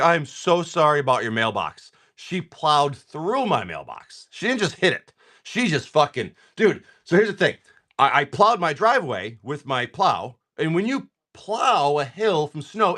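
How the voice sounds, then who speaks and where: A man's voice: a little high, pushed and bright. A man hosting a live card-selling stream, chatting casually and telling a rambling, joking story. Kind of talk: casual chat.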